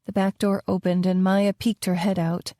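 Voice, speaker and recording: A woman narrates a romance audiobook in the first person with a calm, measured delivery. Her voice is warm and mellow, recorded dry with no room sound. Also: medium pitch, no room sound.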